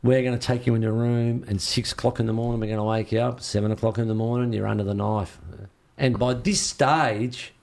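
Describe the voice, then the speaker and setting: This interview guest has a gravelly, mid-range voice and talks fairly quickly. He relates a story in a relaxed, lively way, acting out other people's words to him.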